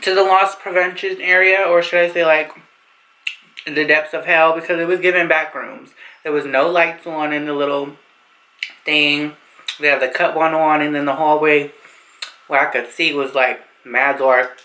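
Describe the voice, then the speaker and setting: A woman's voice: sits low, normal speed, low-quality recording. Young woman telling a brash, slangy story. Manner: animated, slangy, profane storytelling. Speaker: vlogger. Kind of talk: storytime vlog.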